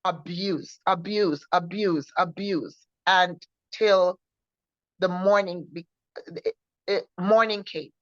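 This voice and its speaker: A woman sharing her personal testimony in an earnest, halting way, often repeating herself and restarting. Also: on the low side, fairly even intonation, no room sound. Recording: dull lo-fi recording.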